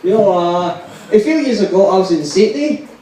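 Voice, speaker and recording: A man in his twenties doing a stand-up set, deadpan and self-mocking, with lots of "you know, uh" fillers. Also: sits high, normal speed. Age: 20s. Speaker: stand-up comedian. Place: hotel pub venue, indoors, live audience. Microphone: far audience camera. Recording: echoey room, far mic, crowd noise.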